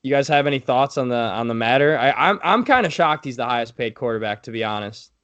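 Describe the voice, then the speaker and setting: A man's voice: medium pitch, lively intonation, fast, fairly bright tone, smooth, muffled recording. A young man co-hosting a casual sports podcast, running through news in a laid-back way with many fillers. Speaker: podcast co-host.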